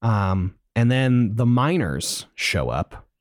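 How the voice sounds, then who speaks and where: A man's voice: on the low side, big pitch swings, slow, no echo, clean studio sound. A man co-hosting a podcast, recapping a video game in casual chat, rambling and playful, with goofy voices for the characters he quotes. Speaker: podcast co-host.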